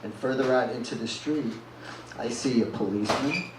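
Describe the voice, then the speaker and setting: A man's voice: mid-range voice, moderate pace. A man reading a first-person story aloud at a live reading event, blunt and plain-spoken. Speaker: reader at a live reading series. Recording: echoey room from far off, with noise.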